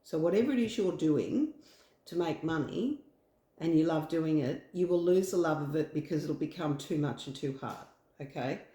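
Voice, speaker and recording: A woman with an Australian accent and a low, warm voice gives a casual, reassuring tarot reading from a room in her home. She speaks at a moderate pace and rambles with fillers, and the sound is reverberant.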